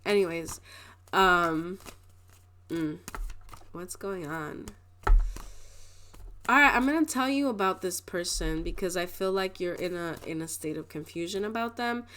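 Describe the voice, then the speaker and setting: A woman's voice: fairly low pitch, unhurried, long pauses, sharp tone, a little hiss or hum. A young adult woman giving a casual pick-a-card tarot reading, chatty and rambling, often restarting her sentences and laughing. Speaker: tarot reader.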